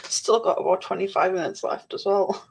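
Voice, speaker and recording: A woman's voice: mid-range voice, fairly even intonation, normal speed, vocal fry, husky. A woman co-hosting a casual livestream, reading viewers' comments aloud in a blunt, sweary way.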